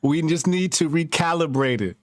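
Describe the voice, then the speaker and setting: A man co-hosting a casual podcast, talking in a profane, animated storytelling way. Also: on the high side, normal speed, no echo, studio quality. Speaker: podcast co-host.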